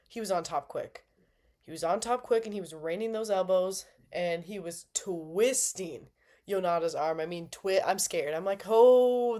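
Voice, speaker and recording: A woman's voice: mid-range voice, a little mellow. A woman giving a casual, playful recap of a fight night, bubbly and dramatic, with slangy asides. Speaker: MMA fan reviewer.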